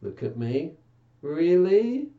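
A children's church presenter reading a Bible passage and then chatting playfully with puppets, coaxing and gently scolding them. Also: medium pitch, big pitch swings, slow, phone-quality sound.

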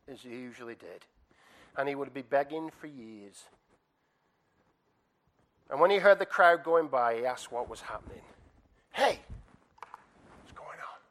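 Male preacher, sermon, bright voice, very animated delivery. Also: medium pitch. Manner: animated storytelling, acting out scenes, asides to the congregation.

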